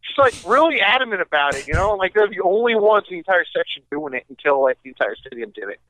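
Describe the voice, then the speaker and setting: A man co-hosting a podcast in casual chat, an easygoing storyteller with quick comebacks, heard over a tinny phone-like line. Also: high-pitched, sing-song, pushed and bright, no echo. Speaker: podcast co-host.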